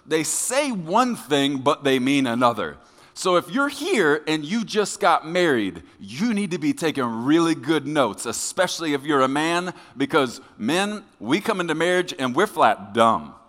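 A man preaching a sermon as pastor to his congregation, joking with them in a lively, conversational way. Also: on the high side, a little slow. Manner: lively, joking with the congregation, acting out quoted voices. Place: church sanctuary. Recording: long hall reverb.

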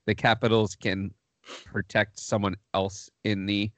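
A man's voice: fairly low pitch, level tone, a little slow, fairly bright tone, dry recording. A man on a hockey podcast asking wry, hesitant questions. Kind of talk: casual sports chat.

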